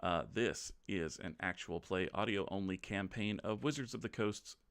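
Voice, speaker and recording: A very low-voiced man who hosts and runs the game. He reads out announcements casually, with plenty of ums and loose restarts. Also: normal speed, a bit bright, dry recording. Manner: chatty, loose, many ums. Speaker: game master and host.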